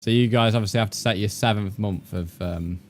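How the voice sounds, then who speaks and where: Young male streamer with a lower voice, loose and jokey, cursing freely as he chats with his audience. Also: a little fast, darkish tone, soft background music. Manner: joking, swearing, reacting to chat. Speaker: game streamer. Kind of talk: casual live-stream chat with viewers.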